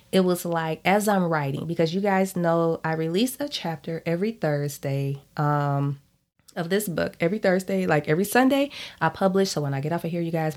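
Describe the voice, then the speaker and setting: A woman's voice: lowish voice, darkish tone. A woman author and podcast host talking casually to her listeners, frank and emphatic, often checking in with "okay?".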